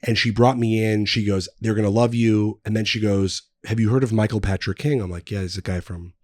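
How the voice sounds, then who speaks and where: A man's voice: fairly low pitch, steady tone, brisk, a little mellow, no room sound, clean studio sound. A man in his thirties, a podcast guest, telling long anecdotes in casual chat, full of fillers and restarts. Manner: rambling anecdotes with many fillers. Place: podcast studio.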